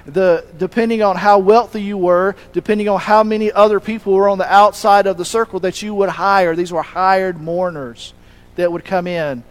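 A man's voice: high-pitched, fairly even intonation, normal speed, low-quality recording. A man preaching a sermon in a conversational way, asking rhetorical questions and restarting sentences as he goes. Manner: restarts and self-corrects mid-sentence.

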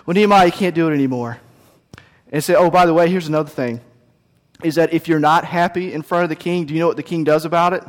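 A man preaching a sermon, telling the story with lively acted voices. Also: a little high, fast, long reverb tail. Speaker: pastor.

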